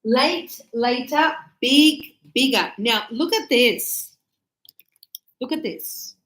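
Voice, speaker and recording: A woman teaching a grammar class, speaking very slowly and drawing out each key word. Her voice sits a little high. The room is echoey, picked up by a camera across the room. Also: a bit bright. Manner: slow, deliberate, stretching key words. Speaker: English teacher.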